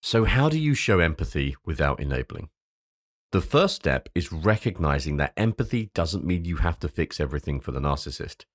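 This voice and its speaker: A man's voice: rumbling low, very animated, normal speed, no echo, studio quality. A man hosting a podcast, reading an earnest script with loose, sweary asides. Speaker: podcast host.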